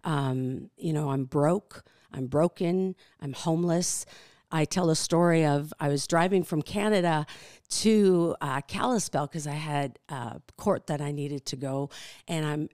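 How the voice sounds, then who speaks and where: A woman in her fifties, a podcast guest, telling her personal faith story in a reflective, halting way with many fillers. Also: low voice, darkish tone, no echo, studio quality.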